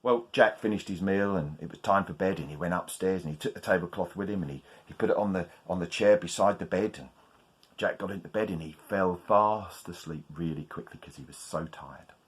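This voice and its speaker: A man telling a folk tale live at a festival, lively and inviting the audience to call out. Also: low-pitched, brisk, breathy edge. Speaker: storyteller. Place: festival tent.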